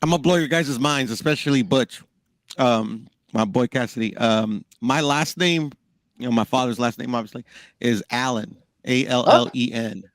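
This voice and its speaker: A man's voice: medium pitch, normal speed, no room sound. An American man in his thirties chatting casually on a live stream, easygoing and hesitant, with lots of fillers. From United States. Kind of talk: casual chat.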